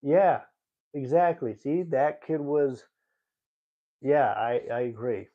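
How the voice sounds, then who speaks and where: A man's voice: medium pitch, slow pace. Indignant male streamer, tinny phone-like sound. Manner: indignant, rambling, talks straight to chat. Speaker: livestreamer reading chat. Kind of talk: casual live chat.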